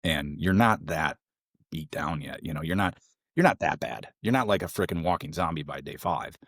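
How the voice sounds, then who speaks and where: Low-voiced man telling stories. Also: moderate pace, breathy edge, no echo, clean studio sound. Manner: rambling, animated storytelling with many fillers and restarts; jumps to a high voice when quoting others. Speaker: podcast guest, former SEAL trainee. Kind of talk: casual storytelling interview.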